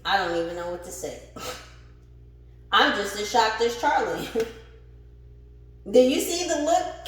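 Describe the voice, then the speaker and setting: A woman giving a casual spiritual tarot reading, animated and laughing, who swears freely and calls her viewers the collective. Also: high voice. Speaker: tarot reader. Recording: very echoey room.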